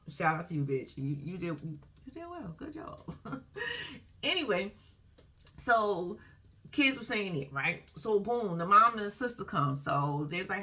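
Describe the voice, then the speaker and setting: A woman's voice: mid-range voice, bright, forceful tone. A woman giving a casual, blunt recap of a reality show, often laughing and using slang.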